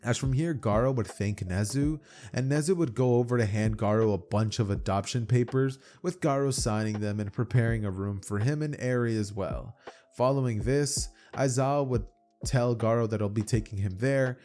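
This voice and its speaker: A YouTube narrator with a mid-range, slightly mellow voice recounts a fan-made anime tale from home in a loose, casual way. He uses many fillers and keeps repeating "as from here".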